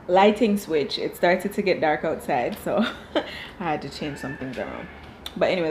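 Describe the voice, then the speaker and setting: A woman's voice: on the low side, a little mellow, slight background noise, low-quality recording. A woman reviewing a reality show from home, talking casually and firing off exasperated rhetorical questions. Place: home room.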